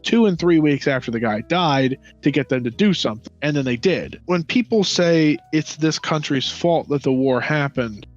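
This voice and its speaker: A man in a casual history chat, profane and sarcastic, acting out nations in mocking quoted voices. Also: medium pitch. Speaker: podcast co-host. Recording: dull lo-fi sound with faint music.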